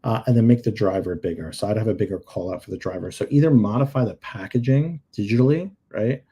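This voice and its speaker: Talking fast in a lowish, warm voice, this man hosts a live show where he reviews product listings on screen, chatting casually, joking on the side and repeating points for emphasis. A slight hiss or hum is audible.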